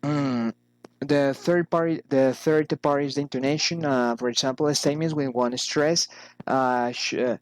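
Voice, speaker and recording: Slow, careful man reading drills. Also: mid-range voice, fairly even intonation, poor audio. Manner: careful, halting reading with frequent pauses. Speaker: English learner. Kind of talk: reading pronunciation drills aloud.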